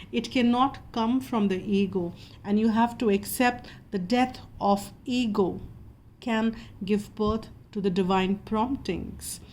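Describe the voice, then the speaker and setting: A woman giving a calm, meandering spiritual tarot reading in a gentle, reassuring way. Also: mid-range voice, slight background noise. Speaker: tarot reader.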